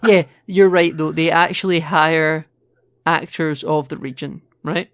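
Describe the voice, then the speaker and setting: A man's voice: on the high side, steady tone, unhurried, a bit bright, dry recording, studio quality. A man co-hosting a podcast, chatting casually about films, explaining and laughing easily. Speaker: podcast co-host. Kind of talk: casual film chat.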